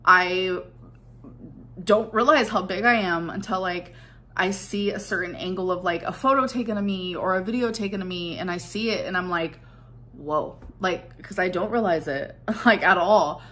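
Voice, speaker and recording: A woman's voice: on the low side, moderate pace, a bit bright, slight background noise. A woman vlogger talking about herself in a rambling, reflective way, with lots of "like". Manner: rambling, reflective, heavy use of "like". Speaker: vlogger in a played clip. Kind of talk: casual confessional vlog talk.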